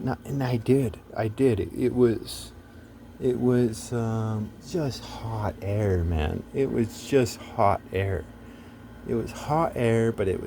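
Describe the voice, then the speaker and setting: Soft spoken guy venting a story, lots of swearing, mellow voice, faint hiss behind. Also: mid-range voice. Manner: profane, exasperated ranting with frequent restarts. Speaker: self-described philosopher telling a story. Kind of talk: casual storytelling monologue.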